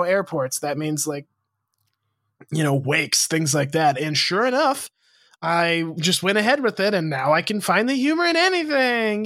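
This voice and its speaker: A man's voice: a little high, a bit bright, dry recording. A young man co-hosting a podcast in loose, playful banter. He laughs easily and slips into voices for quoted lines. The mic sounds close and dry, with no room sound. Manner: jokey, quick to laugh, acts out quotes. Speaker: podcast co-host.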